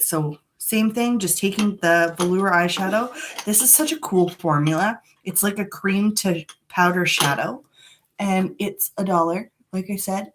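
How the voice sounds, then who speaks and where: Chatty woman doing her makeup on a live vlog, frank and a bit dramatic, mid-pitched voice. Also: a little hiss or hum. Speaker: beauty vlogger. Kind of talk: casual live makeup chat. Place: home room.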